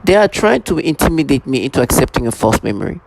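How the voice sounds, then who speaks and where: A man talking to camera in a rambling personal monologue, halting often, restarting his sentences and leaning on repeated fillers. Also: on the high side, sing-song. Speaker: vlogger.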